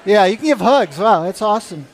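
Man, church talk, earnest, animated, high-pitched voice. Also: a little fast, some chatter behind, slight background noise. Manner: earnest, animated, leads the congregation in an exercise. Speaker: church speaker sharing a mission trip. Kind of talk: sermon.

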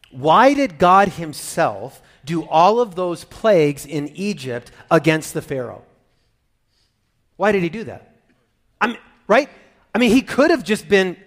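A male pastor delivering a lively sermon. His voice sits a little high and jumps from loud, excited bursts to quiet, near-whispered asides. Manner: animated, swinging from loud high exclamations to soft near-whispers.

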